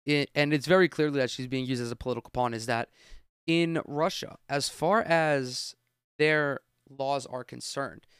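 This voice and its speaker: Hosting a solo podcast from a room at home with the windows open, a man gives blunt, opinionated commentary full of swearing. His medium-pitched voice is clean and fairly bright, at a moderate pace. The recording is dry with clean studio sound.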